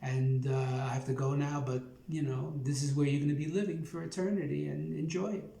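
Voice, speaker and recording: A polite male guide in heaven hesitates over his farewell in a Brooklyn accent, as an older man tells a joke. The voice is mellow and close to plain speech. A roomy echo hangs around it. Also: a little high, fairly even intonation, gravelly. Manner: halting, polite, filler-heavy.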